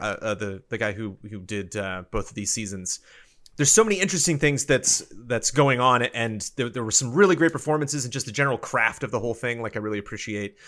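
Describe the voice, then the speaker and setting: A man talking casually as a podcast co-host, rambling and animated, his words full of fillers and restarts. His voice sits at an ordinary middle pitch for a man. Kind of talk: casual chat.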